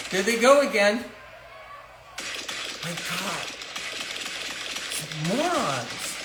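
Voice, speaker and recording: A man's voice: high voice, very noisy. A man voicing a frantic new mother of newborn twins in a comedic phone sketch, tearful and indignant as she complains and pleads. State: tearful, near crying. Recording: roomy echo.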